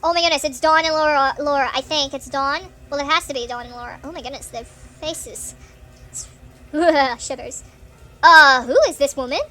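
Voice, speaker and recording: A woman hosting a gaming channel, giving chatty, excitable let's-play commentary with nervous laughs. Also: sits high, brisk, soft background music.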